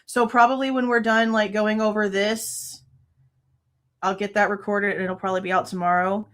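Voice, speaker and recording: A woman's voice: medium pitch, fairly even intonation, moderate pace, a bit bright. A woman in her thirties hosting a true crime livestream, venting angrily with frequent swearing in casual commentary.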